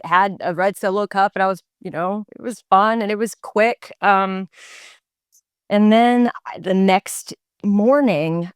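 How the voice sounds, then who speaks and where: A woman in her twenties, an actor guest on an interview podcast, telling her story in a chatty, animated way with lots of fillers and restarts. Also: lowish voice, clear, resonant tone, no echo, studio quality. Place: podcast studio.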